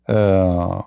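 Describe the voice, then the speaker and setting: Gravelly-voiced man mocking on a livestream. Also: low-pitched, warm tone, no echo, studio quality. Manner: blunt, mocking, repetitive restarts. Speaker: livestream host. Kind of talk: livestream monologue.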